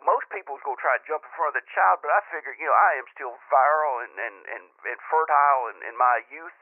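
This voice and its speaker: A man's voice: medium pitch, dry recording, natural voice. A man voicing a boastful rural father who calls in with a rambling folksy tall tale. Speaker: caller. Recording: phone-line call.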